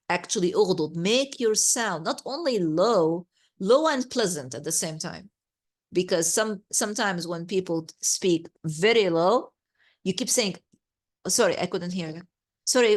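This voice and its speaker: A woman teaching a reflection class on scripture, explaining patiently and often restarting her sentences. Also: on the low side. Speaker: Quran study teacher.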